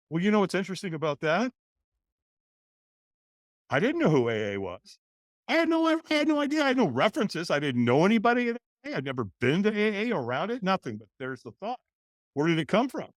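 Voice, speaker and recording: A man's voice: a little high, dry recording, studio quality. Older man telling his story animatedly. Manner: animated, acts out voices in his stories. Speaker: guest. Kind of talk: storytelling interview.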